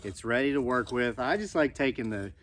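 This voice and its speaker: A man's voice: mid-range voice, animated, a little fast, a bit bright. A man casually explaining gardening methods to viewers alongside his wife. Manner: easygoing, explains gardening plainly. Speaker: husband co-host.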